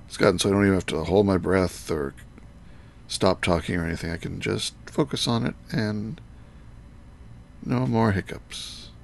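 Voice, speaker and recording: A man's voice: low voice, moderate pace, creaky. A man thinking aloud as he plays a game on a live stream, muttering to himself and greeting his viewers.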